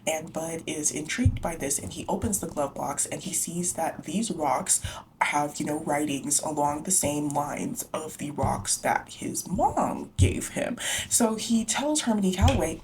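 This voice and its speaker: Lady with a low voice chatting through a book recap, lots of like and you know, faint hiss. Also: expressive, unhurried, a little mellow. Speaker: book vlogger.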